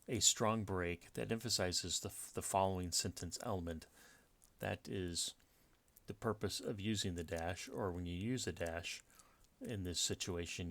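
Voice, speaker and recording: Low-voiced with vocal fry and a fairly bright tone, this writing teacher presents a step-by-step grammar lecture on punctuation from his slides. He frequently uses fillers and restarts his sentences.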